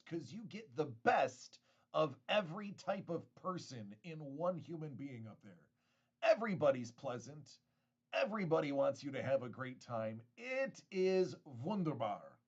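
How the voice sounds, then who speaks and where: A man from the United States rambles and jokes through a casual live stream, laughing often and tripping over his words. His pitch sits a touch high and swings around a lot. The audio sounds slightly dull and lo-fi. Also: measured pace, husky. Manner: lively joking, laughs often, stammers restarts. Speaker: host of a card-collecting live stream.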